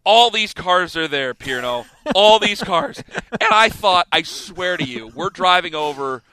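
A man in his thirties hosting sports radio, telling a story in a casual, animated way and acting out the scenes. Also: sits high, unhurried, clean tone. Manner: animated, laughing storyteller who acts out scenes.

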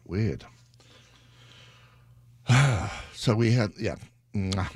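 A man's voice: lowish voice, expressive, extremely slow, a little mellow, no echo. A British man hosting a radio show, chatting casually in a rambling, self-deprecating way into a studio mic. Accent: British English. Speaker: radio DJ host.

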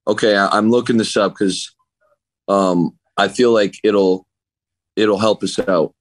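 A man's voice: on the low side, steady tone, unhurried, no room sound. A man guesting on a podcast, joining over a remote call and telling a laid-back, rambling story with frequent chuckles. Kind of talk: casual storytelling chat.

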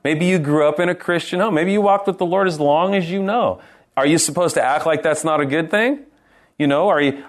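A man preaching a sermon, earnest and animated, asking rhetorical questions and restarting his sentences. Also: a little high. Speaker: pastor.

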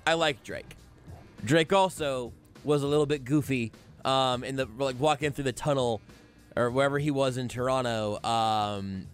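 A man chats casually on a sports podcast, sharing his take on each clip. His pitch is ordinary, with soft music underneath. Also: steady tone, normal speed, clear, resonant tone. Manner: easygoing, reacting with opinions. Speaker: podcast co-host.

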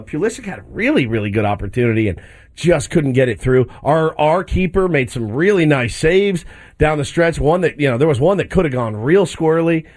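A man hosting a sports talk show, chatting enthusiastically and jokingly about a match. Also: a little high. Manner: enthusiastic, animated, jokey. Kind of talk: casual sports chat.

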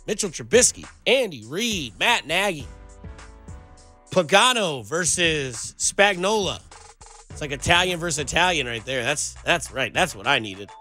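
A man hosting a sports talk radio show, energetic and joking as he riffs on football and holiday movies. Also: on the high side. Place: radio studio.

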